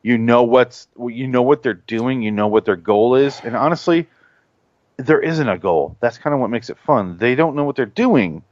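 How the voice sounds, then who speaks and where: A man hosting a podcast, telling stories in casual chat, animated and full of swearing. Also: medium pitch, moderate pace, no room sound. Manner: profane, animated storyteller. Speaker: podcast host. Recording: dull lo-fi podcast audio.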